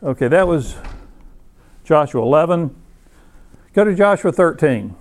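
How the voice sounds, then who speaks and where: A man's voice: fairly high pitch, lively intonation, measured pace, long pauses. A man teaching a Bible class in a conversational lecture, with many restarts, reading passages aloud between his own comments. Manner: reads scripture passages aloud.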